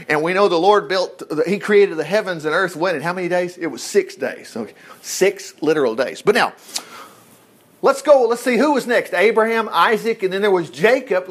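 Guy with a kinda high voice doing a laid-back bible lesson, reads a verse then riffs on it, lots of uh and anyway. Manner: conversational, reads scripture aloud and comments, many fillers. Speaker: Bible teacher. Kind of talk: casual Bible teaching.

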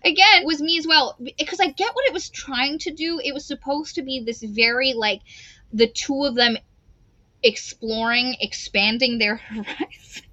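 A woman co-hosting a book club podcast, talking casually in an animated, giggly way and acting out quotes. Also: high-pitched, normal speed, no echo, dull audio.

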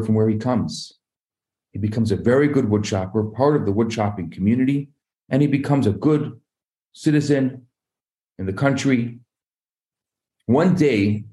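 A man, a rabbi, telling a parable in an animated sermon, acting out the voices of its characters. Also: lowish voice. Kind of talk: storytelling sermon.

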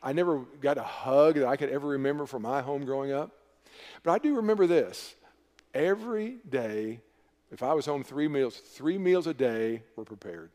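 A man's voice: mid-range voice, expressive, normal speed, darkish tone. A middle-aged man preaching a sermon as pastor, talking conversationally with repeated phrases and restarts. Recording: long hall reverb.

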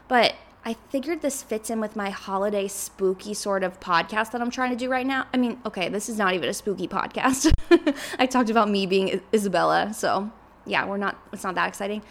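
A woman's voice: mid-range voice, fairly quick. A woman in her twenties hosting a podcast, chatting casually and rambling with lots of filler words. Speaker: podcast host.

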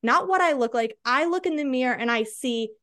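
A woman's voice: high voice, brisk. A woman guest, a body-confidence coach, speaking with passion and emphasis in an interview. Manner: energetic, emphatic, tag questions like "right?".

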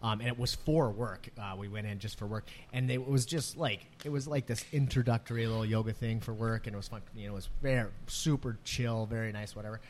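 A man's voice: lowish voice, steady tone, fairly quick, few pauses, a little mellow, slight background noise. A middle-aged man co-hosting a casual podcast chat, rambling and swearing freely, with many restarts. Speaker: podcast co-host.

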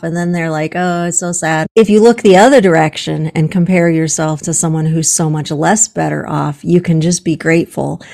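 A woman's voice: lowish voice, darkish tone. A woman hosting a podcast, talking with an enthusiastic, encouraging manner. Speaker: podcast host. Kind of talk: podcast interview.

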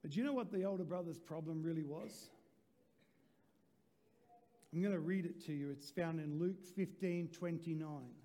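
High-voiced pastor preaching in a reverberant hall. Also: male voice, normal speed, pauses often. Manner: rising to shouted emphasis, cheeky asides. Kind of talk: sermon. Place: large church hall.

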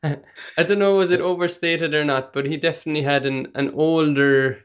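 A man's voice: fairly high pitch, fairly even intonation, normal speed, dull audio, slight background noise. A man hosting a podcast interview, asking open questions and encouraging his guest. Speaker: podcast host. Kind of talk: casual interview chat.

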